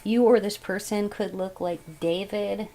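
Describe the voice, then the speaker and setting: A woman giving a casual tarot reading, thinking aloud as she goes in a musing, unhurried way. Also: medium pitch, fairly even intonation, dark tone, rough recording. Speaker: tarot reader.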